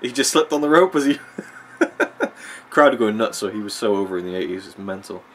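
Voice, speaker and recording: A man's voice: fairly low pitch, lively intonation, brisk, a bit bright, slight background noise. A man ranting casually about wrestling as he watches a match, opinionated and rambling, with plenty of fillers. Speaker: wrestling vlogger.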